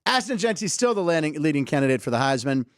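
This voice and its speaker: A man's voice: on the high side, sing-song, fast, clean tone, dry recording, studio quality. A man hosting a sports comedy show, riffing casually and laughing often as he talks through clips. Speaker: host.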